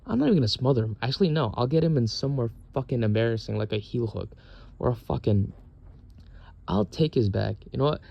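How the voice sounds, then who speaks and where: A man's voice: medium pitch, animated, quick pace, gravelly, lo-fi sound. A young man in the military venting in a casual, profane, exasperated rant. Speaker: military service member.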